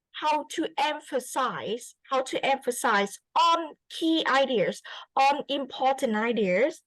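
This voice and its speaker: A woman's voice: high-pitched, fairly bright tone, no room sound, low-quality recording. A woman with a Vietnamese accent giving an English student spoken feedback, encouraging and repeating her phrases with many fillers.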